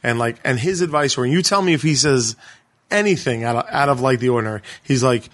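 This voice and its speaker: A man co-hosting a podcast, retelling a documentary in casual chat, animated and full of profanity. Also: medium pitch, fast talker. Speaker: podcast co-host.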